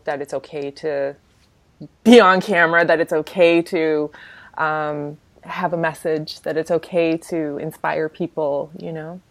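A woman hosting an interview, speaking reflectively and laughing often in a casual chat. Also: low voice. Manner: reflective, laughs often, many you-knows. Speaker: host and interviewer.

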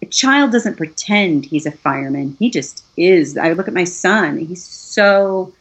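Earnest coaching woman, lowish voice. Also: animated, measured pace, slightly rough. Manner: earnest, coaching, gives step-by-step instructions. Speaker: voiceover artist and guest. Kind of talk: casual advice in a conversation.

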